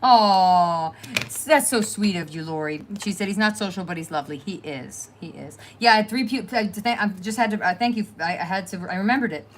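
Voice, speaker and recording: A woman's voice: medium pitch, animated, a little fast, a little hiss or hum. A middle-aged woman hosting a crafting livestream at home, rambling and chatty as she talks to viewers and trails off with fillers. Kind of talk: casual chat to live viewers.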